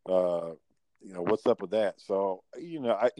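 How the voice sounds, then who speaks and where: Mężczyzna o niskim głosie, sucho nagrany. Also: male voice, sits low, unhurried, mellow, no room sound, poor audio. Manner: rambling, swears, many fillers like "you know". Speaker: podcast co-host. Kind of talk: casual chat.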